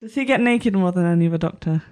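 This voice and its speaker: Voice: mid-range voice, fast talker, a little mellow. A podcast co-host in casual chat, enthusiastic and giggly.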